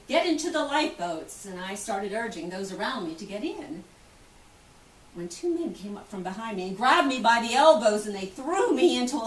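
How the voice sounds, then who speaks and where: Actress playing a bold, outspoken Titanic survivor. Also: female voice, medium pitch, lightly acted. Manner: vivid storytelling, acts out other people's voices. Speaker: actress in a first-person historical portrayal. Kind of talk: theatrical first-person monologue. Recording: roomy, distant, faint hiss.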